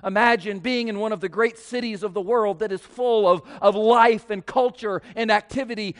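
A man preaching a sermon as pastor, slow and emphatic with dramatic pauses. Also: high voice.

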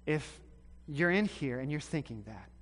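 A man from the American South preaching a sermon, telling a story with animated swings between loud and hushed delivery. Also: on the high side, a little slow. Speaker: pastor. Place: church sanctuary. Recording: long hall reverb.

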